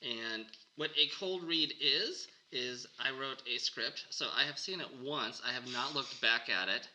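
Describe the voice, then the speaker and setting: A man's voice: medium pitch, unhurried, bright, forceful tone, a little hiss or hum, low-quality recording. A man hosting a podcast in casual chat, chatty and rambling. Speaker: podcast host.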